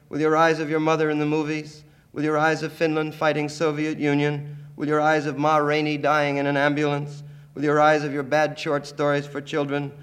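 Man chanting a poem in a flat, clear voice. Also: a little high. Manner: chanting, incantatory litany. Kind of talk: poetry reading.

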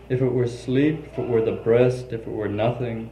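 A man reads his poems aloud in an intimate, confessional way, his voice mellow and warm. The recording is roomy and echoing, with a faint hum of ambience behind him. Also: mid-range voice, fairly even intonation, normal speed, few pauses. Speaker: poet reading his work. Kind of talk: poetry reading.

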